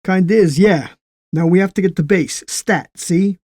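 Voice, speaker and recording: A man's voice: high-pitched, measured pace, darkish tone, no room sound, studio quality, voice pushed up. A man voicing an impatient American army sergeant, brash and pushy, with a Brooklyn accent. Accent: Brooklyn, New York.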